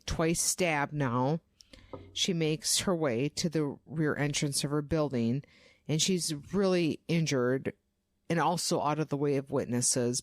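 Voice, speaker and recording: A young woman co-hosting a podcast, telling a true crime story casually, animated and swearing, acting out quoted voices. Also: low voice, no echo, studio quality. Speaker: podcast co-host.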